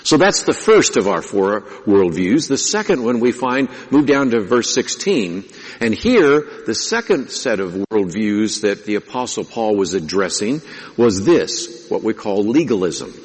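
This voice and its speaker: A man's voice: on the low side, sing-song, measured pace, husky. A man preaching a sermon as pastor, teaching in a conversational way and asking his listeners rhetorical questions. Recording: long reverb of a large hall.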